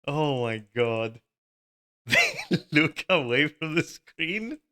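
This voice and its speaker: A man's voice: a little high, expressive, slow pace, a bit bright. A man giving live gameplay commentary, swearing often, laughing and exclaiming in dismay. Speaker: gamer streaming a raid.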